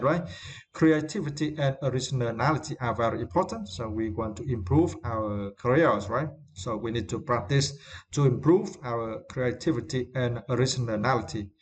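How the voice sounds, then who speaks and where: A man's voice: mid-range voice, a little hiss or hum. A man whose first language is Vietnamese, teaching English vocabulary in a hesitant way, with many fillers and tag questions. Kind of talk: vocabulary lesson.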